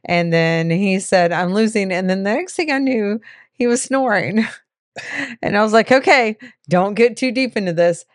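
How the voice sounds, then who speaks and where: A young woman co-hosting a casual chat show, playful and giggly, with quick asides. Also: medium pitch, lively intonation, no echo, clean studio sound. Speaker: co-host.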